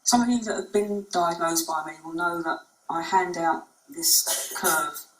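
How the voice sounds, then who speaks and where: A woman's voice: lowish voice, a little slow. A woman clinician giving a conference talk, speaking conversationally and unhurriedly with frequent ums. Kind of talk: conference presentation. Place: presentation room. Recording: echoey room, mic far off.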